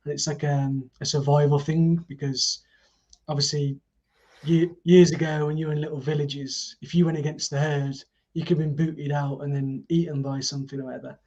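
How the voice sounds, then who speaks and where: A man's voice: fairly high pitch, little pitch movement, normal speed, darkish tone. Easygoing man with a dull-sounding voice. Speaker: festival organiser and guest. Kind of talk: casual interview chat.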